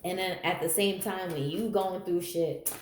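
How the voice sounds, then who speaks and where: Woman, tarot reader, unhurried delivery, blunt and profane, roomy echo. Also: on the low side, fairly even intonation, slight background noise. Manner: blunt, candid, profane, chatty with laughs. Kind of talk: general tarot reading monologue.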